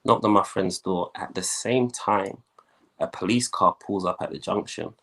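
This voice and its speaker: A young man, a guest, telling his life story in a lively way and acting out the voices of the people in it. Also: deep voice, moderate pace, gravelly. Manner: animated storyteller, acts out quoted voices.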